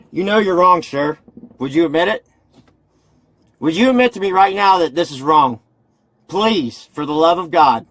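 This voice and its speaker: Agitated man ranting, high voice. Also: rough recording. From Indiana. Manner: agitated, preachy, rambling. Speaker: arrested man ranting on video. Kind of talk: angry self-filmed rant.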